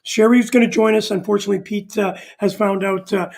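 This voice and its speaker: A man's voice: high voice, little pitch movement, brisk, creaky. A man co-hosting a live wellness talk show, rambling casually with many fillers. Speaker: co-host.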